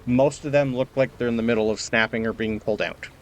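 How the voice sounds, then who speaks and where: A man narrating as game master of a tabletop game, explaining rules in a relaxed way with fillers. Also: mid-range voice, fast, a little hiss or hum.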